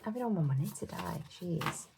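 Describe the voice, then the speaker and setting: A British woman vlogs in a casual, giggly ramble, counting numbers aloud under her breath. Her voice sits a little low with a gravelly fry. Noise and clicks sit behind her voice. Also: expressive, fast. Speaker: budgeting vlogger. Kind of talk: casual chat while cash stuffing.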